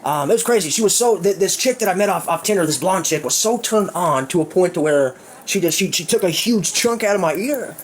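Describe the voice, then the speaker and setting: A man's voice: high voice, expressive, fairly quick, slight background noise. A man telling a crude, rambling story in casual livestream chat, full of fillers.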